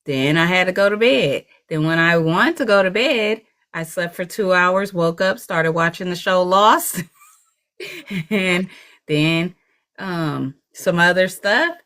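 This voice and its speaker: Low-voiced tired young woman rambling. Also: expressive, slow pace, fairly bright tone. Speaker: co-host. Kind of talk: casual livestream chat. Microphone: video call.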